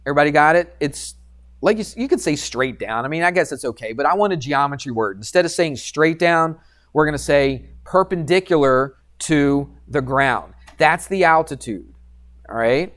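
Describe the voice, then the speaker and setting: A man's voice: fairly high pitch, lively intonation, normal speed, fairly bright tone. A male math teacher giving a casual classroom geometry lesson, joking about himself and constantly asking the students questions. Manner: casual, self-deprecating, keeps quizzing the class.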